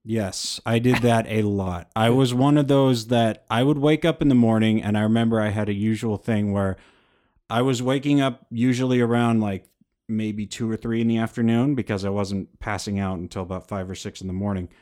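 A man with a lowish voice co-hosts a relaxed podcast. He tells candid, self-deprecating stories at an easy pace and often stops on "uh" and "um". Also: normal speed. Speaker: podcast co-host. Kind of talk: casual conversational podcast.

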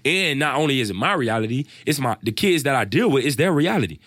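A man tells his own stories in a relaxed podcast chat, swearing freely and slipping into quoted voices. His voice is mid-pitched and recorded dry and close, with no room sound. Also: fast talker, no room sound. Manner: animated, profane storytelling with quoted voices. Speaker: rapper and guest. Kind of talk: casual storytelling chat.

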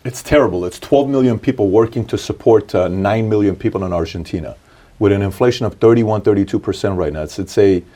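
A man's voice: on the low side, a little fast, warm tone. A man interviewing a guest, asking curious, rambling questions and affirming his answers.

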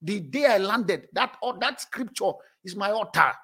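High husky-voiced male preacher. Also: normal speed. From moved to South Africa as an adult. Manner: animated preaching, often laughing mid-sentence. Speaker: pastor. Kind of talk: sermon.

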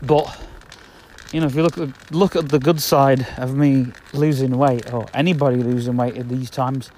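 A man in his 30s speaks at normal speed in a mid-range, darkish voice with fairly even intonation while walking around the block outdoors. The podcast host is rambling and repetitive in a chatty way, and there's a bit of hiss or hum.

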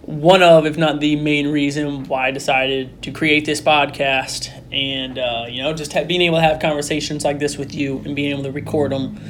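A man's voice: on the high side, flat delivery, normal speed, hardly any pauses, fairly bright tone, a little hiss or hum. Upbeat man hosting a podcast. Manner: upbeat, enthusiastic, laughs easily. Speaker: podcast host. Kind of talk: casual podcast interview.

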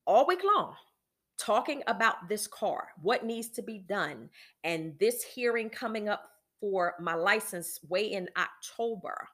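A woman's voice: medium pitch, animated, a little slow, fairly bright tone. Emphatic woman venting in a podcast monologue. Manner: emphatic, exasperated storytelling with frequent restarts; direct address to listeners, preacherly. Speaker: podcast host. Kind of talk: candid personal monologue.

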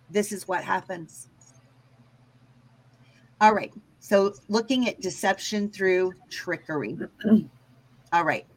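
A woman's voice: medium pitch, rough recording. A woman teaching scripture in an emphatic way, often checking in with her listeners. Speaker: Bible teacher.

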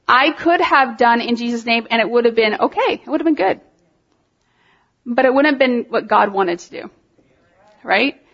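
High-pitched woman worship leader telling a story. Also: dull audio. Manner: animated storytelling with laughs and rising emotion. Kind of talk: sermon-style testimony to a congregation.

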